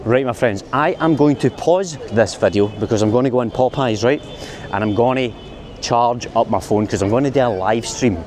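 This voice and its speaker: A man's voice: medium pitch, normal speed, a little mellow, slight background noise. A Scottish man vlogging a night walk through a city street, chatty and self-mocking, recorded on a handheld camera mic. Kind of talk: walking-tour vlog narration.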